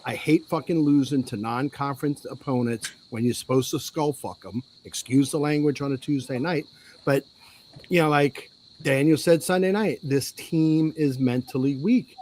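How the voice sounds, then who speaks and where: A man co-hosting a sports podcast, delivering a heated, profane rant that swings from loud outbursts to low mutters. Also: moderate pace, a little hiss or hum.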